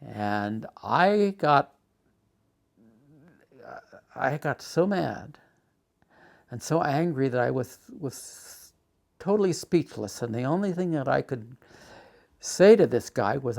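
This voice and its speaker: Casting: older male documentary interviewee, gravelly, mid-pitched, halting storyteller. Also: very animated, darkish tone. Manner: halting, full of restarts and fillers. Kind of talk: personal storytelling.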